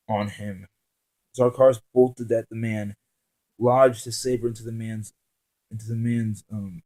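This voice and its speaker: A man's voice: on the low side, warm tone, low-quality recording. A man reading his own novel aloud, stumbling and restarting lines often. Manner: halting reading with frequent restarts and fillers.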